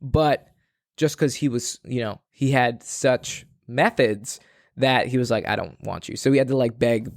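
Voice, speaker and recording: A man's voice: medium pitch, steady tone, a little slow, no echo, clean studio sound. A man hosting a podcast and telling stories in casual chat, rambling with many fillers. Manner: rambling, filler-heavy storytelling. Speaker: podcast host.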